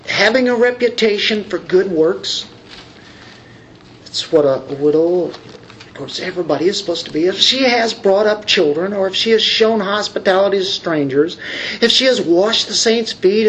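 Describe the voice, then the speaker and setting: Delivered in a high, somewhat bright voice, the sermon is conversational, with key words drawn out, trailing asides, and many fillers and restarts. The recording is rough, carrying a little hiss or hum.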